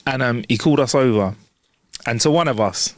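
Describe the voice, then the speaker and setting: A man's voice: mid-range voice, brisk, dry recording, clean studio sound. A man co-hosting a casual podcast, telling school stories and jokes and laughing at his own punchlines. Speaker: podcast co-host. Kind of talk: casual chat and joke telling. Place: small home studio. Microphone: wireless clip-on mic.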